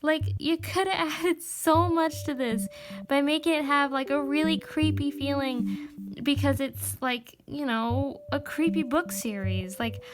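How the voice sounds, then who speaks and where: High-voiced woman rambling while crafting. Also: unhurried. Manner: rambling, heavy use of "like" and "um"; animated, swears casually. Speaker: crafting vlogger. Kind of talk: casual chat while working. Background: background music.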